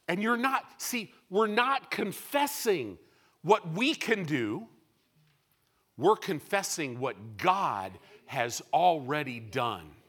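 A male preacher with a high, lively voice that rises and falls widely. He delivers his sermon in bright, forceful tones, shifting from loud bursts to quiet asides. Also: slow pace, breathy edge.

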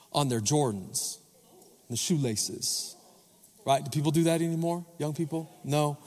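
This is a male pastor giving a sermon in a church sanctuary, frequently putting questions to the congregation and prompting their responses. His voice is mid-range and slightly mellow, and the large hall adds a long reverb.

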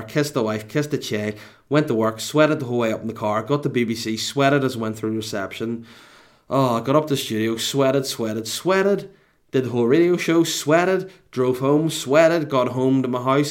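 A man hosting a podcast, telling a comic story about his own bad day in an animated, exasperated, self-mocking way. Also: medium pitch. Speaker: podcast host and radio presenter.

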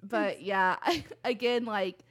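A woman's voice: mid-range voice, steady tone, takes it slowly, a bit bright. A young woman co-hosting a loose, gossipy chat. She talks in a rambling, chatty way, full of fillers. She laughs often. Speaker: podcast co-host. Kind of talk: casual chat.

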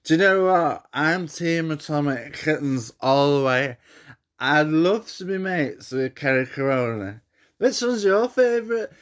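A man's voice: fairly high pitch, lively intonation, unhurried, fairly bright tone, voice pushed up. A man doing a tipsy, chatty pop-fan bloke. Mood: teasing.

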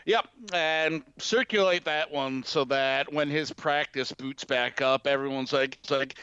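A man's voice: mid-range voice, a little slow, few pauses, bright, forceful tone, clear, resonant tone, no echo. A man co-hosting a casual podcast, tossing in sarcastic, profane wisecracks. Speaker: podcast co-host. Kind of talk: casual chat. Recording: dull, slightly lo-fi dry sound.

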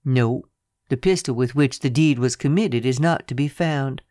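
A calm young male secretary in a recorded novel, talking in a low, matter-of-fact way, as the narrator puts him on. His voice sits at an ordinary pitch, and the recording is dry and close. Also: moderate pace, no echo, lightly acted. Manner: low, steady, businesslike delivery. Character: young male private secretary, cool and businesslike. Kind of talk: audiobook character reading.

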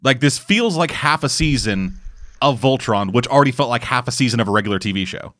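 A man co-hosting a casual podcast, ranting with heavy swearing in an animated way. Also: medium pitch, a little fast, no echo, clean studio sound. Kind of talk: casual chat.

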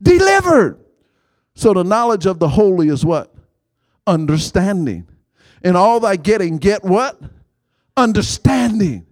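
A man preaching a sermon in call-and-response style, prompting the congregation to finish his lines and rising to shouts. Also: high-pitched, animated, unhurried, long pauses, no echo.

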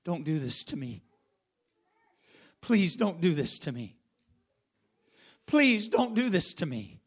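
A man's voice: on the high side, brisk, darkish tone, slightly rough, voice pushed down. A man voicing a desperate seventeen-year-old boy who pleads with his brothers and keeps repeating his pleas. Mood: pleading.

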